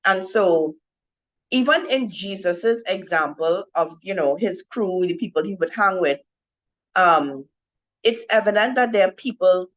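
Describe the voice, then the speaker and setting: Speaking in a lower register, the women's ministry speaker continues her informal Bible talk to women, asking "right?" again and again, all captured on a rough recording.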